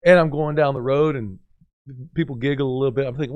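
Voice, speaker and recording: A man's voice: mid-range voice, quick pace, clear, resonant tone, dry recording. A middle-aged man co-hosting a radio talk show, telling a story and acting out the voices of the people in it. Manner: animated, acts out quoted voices. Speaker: co-host. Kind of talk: conversational storytelling.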